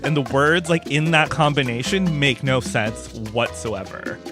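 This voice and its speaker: A man's voice: medium pitch, a little slow, music in the background. A man talking as a guest in a casual interview, chatty, full of filler words and laughing often. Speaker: pop culture writer and guest.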